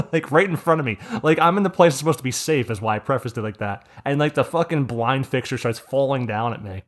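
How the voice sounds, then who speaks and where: A man with a mid-range voice co-hosts a podcast, briskly telling stories in a rambling, profane, casual chat.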